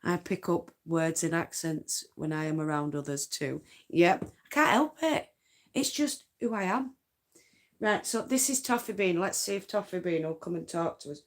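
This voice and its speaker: A woman's voice: fairly low pitch, lively intonation, normal speed. A woman with a Yorkshire accent, chatting casually and rambling a bit on a late-night crafting livestream from home. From North Yorkshire, England. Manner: rambling, chatty, uses dialect forms.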